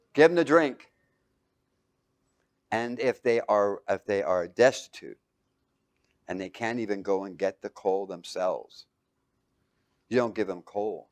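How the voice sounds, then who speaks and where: Guy preaching a bible lesson, keeps asking the room to finish his sentences, loud then quiet. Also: on the low side. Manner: asks the audience fill-in questions; animated, swings between loud and hushed. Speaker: bible teacher. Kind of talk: sermon.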